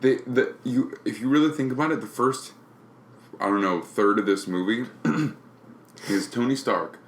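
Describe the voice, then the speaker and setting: A man's voice: mid-range voice, normal speed, a little hiss or hum. A man co-hosting a podcast in casual chat, critical and opinionated. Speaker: podcast co-host. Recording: roomy echoey recording.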